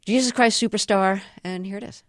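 A woman hosting a radio interview, reading even introductions and giving brief replies. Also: mid-range voice, a little fast, loud music behind the voice.

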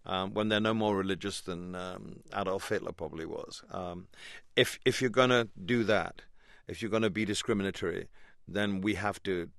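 A man's voice: sits low, moderate pace, gravelly, few pauses, a bit bright, no echo, studio quality. A man speaking as a guest on a radio interview, hesitant, with many ums and restarts.

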